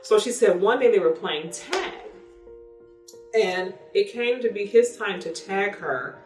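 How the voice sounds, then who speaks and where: Woman, mid pitch, candid storyteller, roomy echo. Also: unhurried, far from the mic. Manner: candid, animated retelling with quoted dialogue. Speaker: parent vlogger. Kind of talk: casual storytelling. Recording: echoey room, voice from off-mic, faint music.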